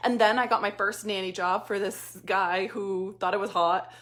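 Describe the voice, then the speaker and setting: A middle-aged woman coach, telling her own story in a casual, animated way with quick acted-out asides. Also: mid-range voice. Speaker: business coach. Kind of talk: casual motivational talk.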